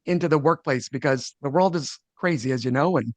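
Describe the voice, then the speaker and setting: A man's voice: on the high side, a little fast, no room sound. A man, a leadership speaker answering as a podcast guest, earnest and often restarting his sentences. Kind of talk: conversational interview.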